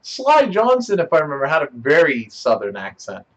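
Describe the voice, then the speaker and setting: A man's voice: fairly high pitch, wildly swooping pitch, normal speed, highs cut off. A man chatting casually as a player in a tabletop game, playful and laughing often.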